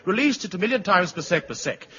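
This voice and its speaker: An actor playing a pompous expert in a 1950s radio comedy, reeling off scientific jargon, from an old broadcast. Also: male voice, high voice, animated, bright, forceful tone, highs cut off. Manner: rapid, pompous pseudo-scientific patter.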